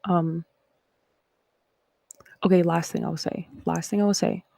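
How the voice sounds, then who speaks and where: A woman's voice: fairly low pitch, steady tone, unhurried, creaky, warm tone, dry recording. A Canadian woman hosting a live stream, chatting casually with viewers in a rambling, reflective way before reading scripture aloud.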